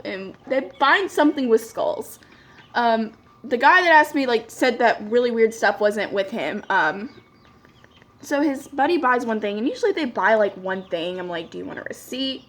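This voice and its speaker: A woman's voice: a little high, lively intonation, normal speed. A young woman chatting casually while doing her makeup, telling a story full of "like" fillers and quoted dialogue. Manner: chatty, lots of "like" fillers, quoting people in dialogue. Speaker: beauty vlogger.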